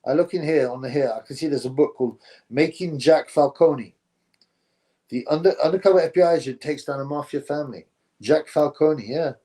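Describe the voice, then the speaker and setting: Male stream host, relaxed rambling chat delivery. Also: fairly high pitch. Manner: rambling, drifts between topics, says "bro" often. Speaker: livestream host reading chat. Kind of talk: casual live-stream chat.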